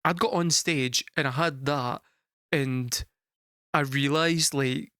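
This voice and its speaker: A man's voice: mid-range voice, slow, no room sound. Swearing, storytelling Scottish man, dry sound. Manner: animated, swears freely, laughs through the punchlines. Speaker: music reaction streamer. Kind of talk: casual storytelling to a live chat.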